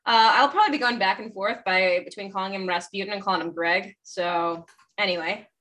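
A woman's voice: medium pitch, a little fast, fairly bright tone, far from the mic. A woman co-hosting a podcast in casual chat, presenting her research in a rambling, chatty way with frequent self-corrections.

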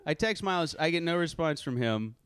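A young man telling a story on a casual podcast, animated and swearing, acting out what others said. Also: on the high side, brisk, crowd noise. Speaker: podcast host.

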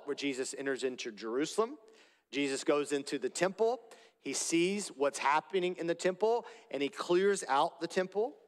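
A man, a pastor, giving a sermon, speaking deliberately and repeating key phrases for emphasis. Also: fairly high pitch, long reverb tail.

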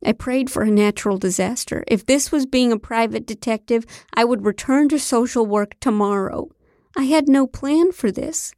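Dry, deadpan woman narrating. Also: fairly high pitch, normal speed, dry recording. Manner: deadpan, wry. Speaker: audiobook narrator. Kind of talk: first-person comic novel narration.

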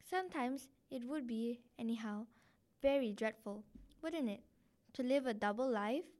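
A woman's voice: on the high side, unhurried, a little mellow, lightly acted. A woman reading aloud as a worldly, meddling society lady who hints at intrigue in a gushing, insinuating way.

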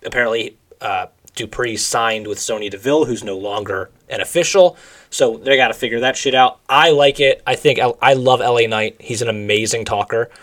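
A man's voice: mid-range voice, normal speed, fairly bright tone. A man co-hosting a podcast, chatting casually and enthusiastically with strong opinions. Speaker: podcast co-host. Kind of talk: casual wrestling chat.

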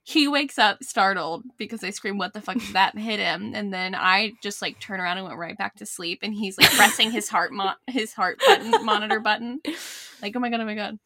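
Bright-voiced woman, dry close sound. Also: medium pitch, animated, normal speed, no echo. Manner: laughs often and tells rambling anecdotes. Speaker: podcast co-host. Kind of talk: casual chat.

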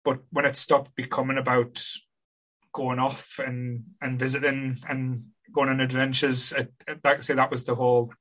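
Bright-voiced man hosting a casual chat. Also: mid-range voice, little pitch movement, normal speed. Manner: hesitant, with many restarts and "like" fillers. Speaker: podcast host.

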